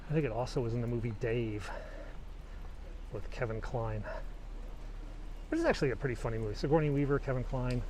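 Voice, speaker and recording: A man's voice: medium pitch, darkish tone, slight background noise, low-quality recording. A middle-aged man vlogging on a snowy walk outdoors, chatting in a rambling, anecdotal way as he films on a handheld camera. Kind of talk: casual walking tour commentary. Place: snowy city street outdoors.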